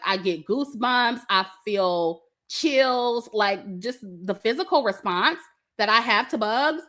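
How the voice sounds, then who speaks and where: A woman's voice: medium pitch, pushed and bright. A young woman telling a story to her viewers in casual, profane chat, laughing often and acting out her family's lines. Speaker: vlogger.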